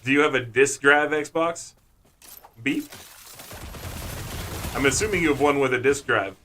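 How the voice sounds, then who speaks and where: A man's voice: mid-range voice, brisk, bright, forceful tone, slight background noise. A man giving casual, jokey commentary while streaming a video game, talking to himself as he plays. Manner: playful, jokey, talks to himself.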